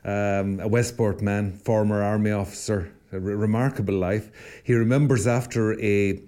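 His voice is lowish and dark, with a steady tone and a normal speaking speed. He's an Irish priest who co-hosts a podcast, recounting stories reflectively and casually while often restarting what he's saying.

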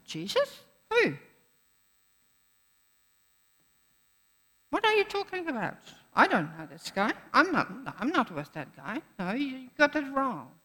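A woman preacher voicing a panicked male disciple who denies knowing his friend, in quick flustered bursts. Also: high-pitched, huge pitch swings, pushed and bright, voice pushed up, exaggerated voice. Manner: flustered, rapid denials. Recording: echoey hall.

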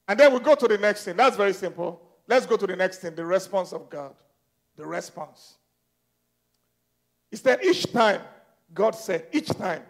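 A man preaching a sermon, moving between loud pleading and quiet, intense speech. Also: high voice, expressive, moderate pace, vocal fry, long pauses.

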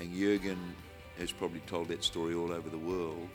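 With a low-pitched voice and fairly quick delivery, a man preaches to a crowd from a stage, animatedly voicing characters in his story. The evangelist's sermon climaxes in loud, fervent prayer, backed by music.

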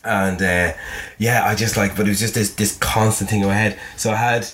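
A man's voice: on the low side, steady tone, a little fast, a bit bright. A young Irish man casually telling a travel story as a podcast guest, swearing freely and laughing as he goes. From Ireland.

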